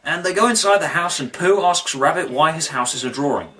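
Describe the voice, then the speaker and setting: A man's voice: a little high, lively intonation, a little fast, sharp tone, distant mic. A man giving a comic video review in a mock-dramatic way, breaking into exaggerated outbursts. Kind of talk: comic commentary.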